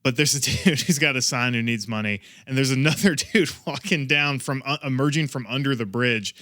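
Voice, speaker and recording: Bright-voiced man telling a rambling story. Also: mid-range voice, brisk. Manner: rambling, swearing, laughs through his story. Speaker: podcast co-host. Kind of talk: casual comedic storytelling.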